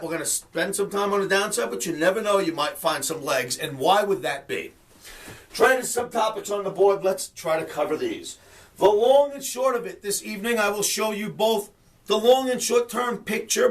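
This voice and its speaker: Fired-up high-voiced man ranting about markets. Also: a bit bright, recorded from a distance. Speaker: trading educator and show host. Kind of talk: market commentary webcast.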